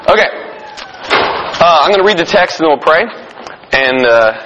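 A man's voice: a little high, animated, moderate pace, background noise. A man preaching an informal sermon as pastor, talking conversationally with frequent restarts and questions to the congregation. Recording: long hall reverb, dull lo-fi sound.

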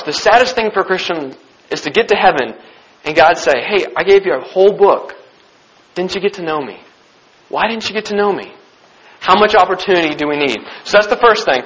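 A man's voice: sits high, a bit bright. A young man giving an earnest sermon, repeating his key phrases for emphasis. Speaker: Christian speaker. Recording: dull lo-fi recording.

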